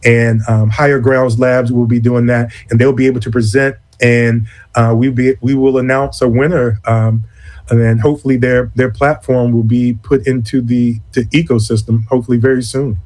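A man's voice: medium pitch, little pitch movement, darkish tone. Earnest man organizer in an interview. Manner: deliberate, restarts phrases often. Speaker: executive director of an advocacy conference. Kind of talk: interview conversation.

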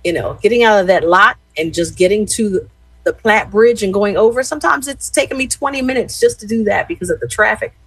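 A middle-aged woman hosting radio in a chatty, animated way, talking straight to her listeners. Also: medium pitch, brisk, husky, no echo, rough recording. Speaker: radio host. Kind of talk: casual radio chat and shout-outs.

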